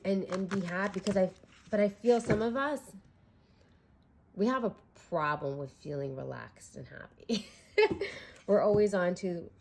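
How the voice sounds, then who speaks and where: A woman's voice: fairly low pitch, a little mellow, a little hiss or hum. A young woman giving a casual, chatty tarot reading, candid and swearing freely. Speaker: tarot reader.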